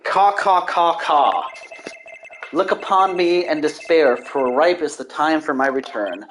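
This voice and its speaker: A man's voice: fairly high pitch, normal speed, a little hiss or hum, lightly acted. A man voicing a grandiose male demon king yokai who possesses a mayor and caws like a crow while reading game dialogue aloud. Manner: grandiose, theatrical crow cawing.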